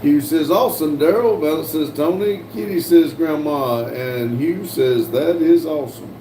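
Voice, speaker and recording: Older man, livestream host reading chat; mellow voice, echoey room. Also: fairly high pitch, normal speed. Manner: reads chat aloud with frequent fillers and restarts. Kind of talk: casual live-stream chat. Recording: echoey room, voice from a distance, faint hum.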